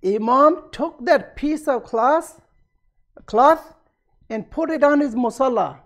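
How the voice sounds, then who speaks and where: A man's voice: very high voice, slow, a bit bright. A man preaching a sermon at a community centre, retelling a story and acting out its dialogue with rising emphasis.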